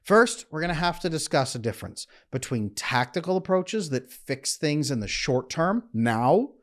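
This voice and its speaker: Man giving earnest coaching advice. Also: a little high. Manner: earnest, emphatic, slows down to demonstrate calm. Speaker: relationship coach. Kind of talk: instructional coaching monologue.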